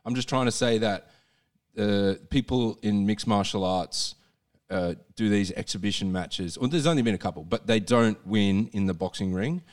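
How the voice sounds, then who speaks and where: A man's voice: lowish voice, moderate pace, no room sound, clean studio sound, far from the mic. An Australian man co-hosting a podcast, laid-back and often stumbling over his words. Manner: laid-back, stammers and repeats himself. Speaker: podcast co-host. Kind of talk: casual chat.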